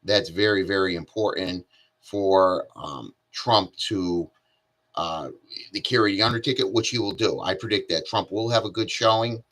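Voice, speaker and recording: A man giving casual political commentary alone, halting often with fillers and restarts. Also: lowish voice, bright, forceful tone. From Connecticut.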